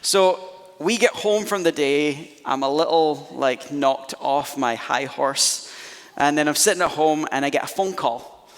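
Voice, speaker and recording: Scottish male pastor with a higher-than-usual voice, lively and self-mocking, preaching in a big echoing church. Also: a little slow. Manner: animated, self-deprecating storyteller. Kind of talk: storytelling sermon. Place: church auditorium. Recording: reverberant church hall.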